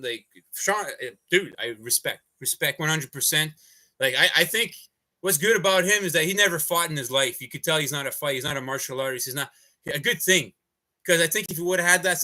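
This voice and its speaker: Man, livestream rant, very sharp forceful tone, slightly high voice, swearing, rambling. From Canada. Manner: profane, heated, rambling. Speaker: activist livestreamer.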